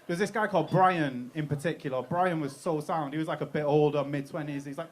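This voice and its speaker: A young British man with a slightly high voice performs a stand-up set in a club, talking a little fast and casually. He swears freely and laughs at his own jokes.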